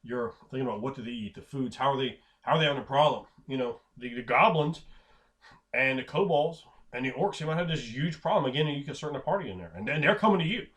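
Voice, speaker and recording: A man's voice: mid-range voice, expressive, fast talker, a bit bright. A tired man rambling casually about running tabletop games, swearing now and then and acting out characters as he goes. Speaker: game master giving advice. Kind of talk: casual tabletop gaming talk.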